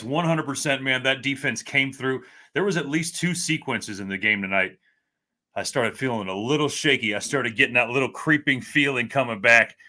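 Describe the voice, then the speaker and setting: A man with a bright, forceful voice talking football as a co-host. He's candid and excitable. He sounds like he's in his thirties. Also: mid-range voice. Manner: excitable, candid fan talk. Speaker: podcast co-host. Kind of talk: casual sports talk.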